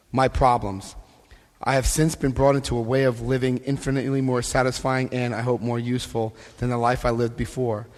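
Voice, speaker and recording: A middle-aged American man speaking at a recovery convention, telling joking, lively stories and acting out voices. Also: medium pitch. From United States. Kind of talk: animated storytelling talk. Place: large convention hall. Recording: long hall reverb.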